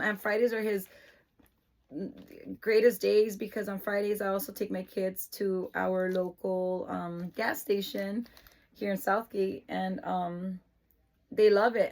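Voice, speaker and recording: Middle-aged mother, casual vlogger, unhurried and sincere, emotional edge. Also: mid-range voice, creaky. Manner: emotional, earnest, lapses into excited praise voice. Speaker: mother of an autistic son. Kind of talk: casual explanatory vlog.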